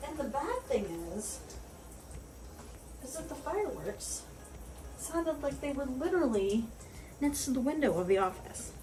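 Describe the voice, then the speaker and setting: A woman's voice: high-pitched, lively intonation, moderate pace, darkish tone, slight background noise, poor audio. Young woman vlogger, swearing and ranting. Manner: swearing, ranting, laughing a lot. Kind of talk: casual vlog chat. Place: home, bathroom and office.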